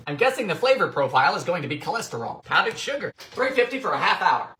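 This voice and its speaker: A man talks through old recipes in a campy, sarcastic running commentary. His voice swoops up and down in a lively way, and he often breaks into sudden loud exclamations. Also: sits high, quick pace. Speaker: vintage recipe cooking host. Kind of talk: comedic cooking commentary.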